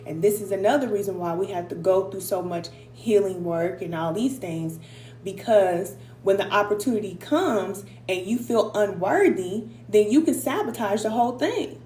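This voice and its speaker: A woman's voice: mid-range voice, animated, normal speed, mellow. A woman giving a motivational spiritual self-help talk to viewers, emphatic and repeating short affirmations in a conversational way. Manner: conversational, addresses viewers directly. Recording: echoey room with faint hum.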